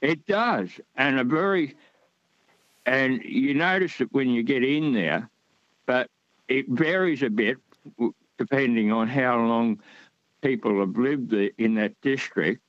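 A man's voice: mid-range voice, a little slow, dry recording, lo-fi sound. A man from Australia calling in to a radio show, talking in a rambling, hesitant way with many fillers. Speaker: caller. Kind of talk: radio call-in chat.

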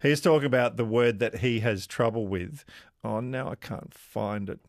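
A man hosting live talkback radio in a relaxed studio, inviting calls and gently teasing. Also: medium pitch, moderate pace, no echo. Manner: easygoing, inviting callers, light teasing. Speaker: radio host.

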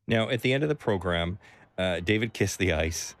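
A man hosting and narrating a radio sports documentary, telling the story in a measured, expressive way and asking interview questions. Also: low-pitched, no room sound. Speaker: host and narrator.

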